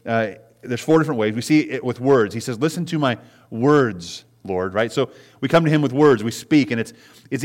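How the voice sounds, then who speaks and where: Conversational middle-aged male preacher. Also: mid-range voice. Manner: conversational, repeats words, rises to loud emphasis and drops to soft sighs. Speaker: pastor. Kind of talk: sermon.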